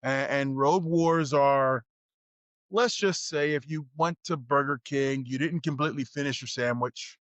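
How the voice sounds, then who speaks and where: A man as interview guest, telling road stories in a lively way and acting out the voices of the people in them. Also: medium pitch, unhurried, dry recording, lo-fi sound. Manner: acts out voices and shouts in his stories. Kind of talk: animated storytelling.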